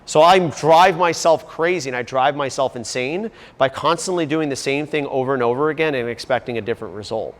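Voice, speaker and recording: A man's voice: mid-range voice, fairly quick, hardly any pauses, big-room sound. A man coaching a fitness group, talking earnestly in a rambling way and asking them questions. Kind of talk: motivational talk to a group. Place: gym.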